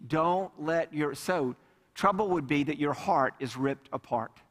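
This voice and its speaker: A pastor preaches a sermon emphatically, repeating key words for weight and often directing questions straight at his congregation. His voice is fairly high, a bit bright, and a little slow, carried by the long reverb of a large hall.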